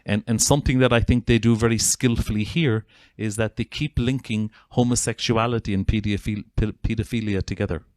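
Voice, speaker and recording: Northern Irish male therapist, interview guest; low, dry, earnest and persuasive. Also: brisk, few pauses, no room sound. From Northern Ireland (Armagh). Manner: earnest, persuasive, animated storyteller. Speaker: guest, Gestalt psychotherapist. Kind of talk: conversational storytelling.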